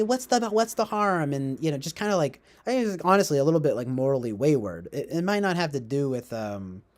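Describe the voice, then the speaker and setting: A young man hosting a livestream, musing out loud in a rambling way, full of fillers, self-corrections and little chuckles. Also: mid-range voice. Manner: chuckles often while talking. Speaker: livestream host. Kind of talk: casual rambling livestream talk.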